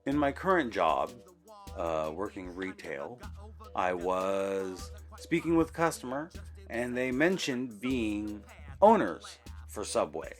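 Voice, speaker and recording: A man's voice: fairly low pitch, big pitch swings, takes it slowly, faint music behind. Rambling man giving a casual channel update. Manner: rambling, full of fillers and self-corrections. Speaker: YouTube channel host.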